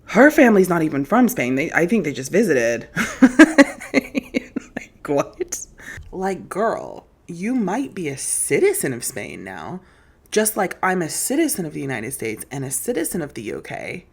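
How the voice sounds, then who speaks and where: A woman with a low voice hosts a solo commentary podcast. Her pitch swoops and jumps with every point she makes, and she sounds sassy and incredulous, talking straight to her listeners. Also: wildly swooping pitch, moderate pace, creaky, breathy edge. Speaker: podcast host.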